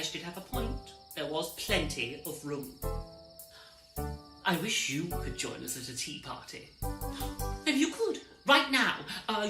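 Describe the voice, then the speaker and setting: A woman telling an interactive children's story in a playful, theatrical way, often addressing the listener directly. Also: medium pitch. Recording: roomy echo with music behind.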